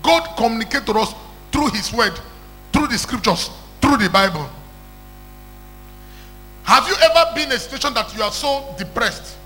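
A man's voice: extremely high pitch, animated, normal speed, pauses often, pushed and bright, faint music behind, poor audio. A man preaching an emphatic call-and-response sermon who repeats phrases and calls for hallelujah.

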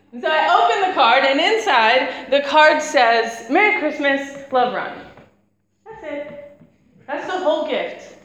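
Woman preacher, thirties, higher voice, friendly storytelling sermon, echoey church hall, light background noise. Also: lively intonation, takes it slowly, long pauses, fairly bright tone, lo-fi sound. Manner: chatty, laughs while telling stories.

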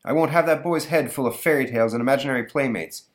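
A man's voice: medium pitch, fast talker, pitched above the performer's own voice, natural voice. A man voicing a stern, worn-out businessman father lecturing his son. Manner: gruff, lecturing.

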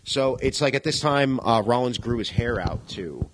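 A man's voice: mid-range voice, expressive, moderate pace, slight background noise, rough recording. A man in casual podcast chat about music, rambling, laughing often and swearing casually. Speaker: podcast co-host.

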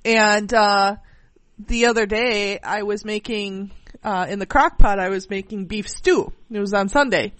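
A woman's voice: medium pitch, unhurried, fairly bright tone, no room sound. A woman co-hosting a podcast, telling a rambling story with many fillers and restarts. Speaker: podcast co-host. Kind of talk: casual chat.

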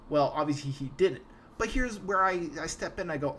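A young man hosts a podcast at normal speed, his voice on the high side, ranting casually and animatedly about a movie. He swears freely and stumbles over his words, restarting often, with a little hiss or hum on the recording.

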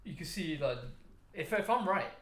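A young man chatting casually, slangy and quick to laugh, often trailing off mid-sentence. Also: high voice, lively intonation, fairly bright tone, a little hiss or hum. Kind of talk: casual chat. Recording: echoey room with faint ambience.

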